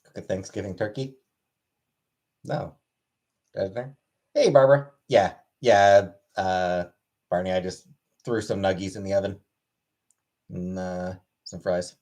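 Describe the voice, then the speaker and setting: A man's voice: low-pitched, steady tone, a little slow, long pauses, a little mellow. A man streaming live, greeting viewers by name and answering chat with dry, offhand replies. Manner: laid-back, greets viewers one after another by name. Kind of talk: casual livestream chat, reading and answering chat.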